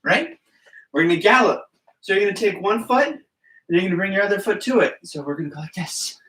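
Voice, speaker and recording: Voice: mid-range voice, fairly quick, a bit bright. An encouraging gymnastics coach talks simply to little kids and counts out each move while demonstrating. The voice sits back from the camera in a roomy gym, with plenty of echo around it. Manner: talks simply to small children and parents. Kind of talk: children's movement class. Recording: roomy, distant from the mic.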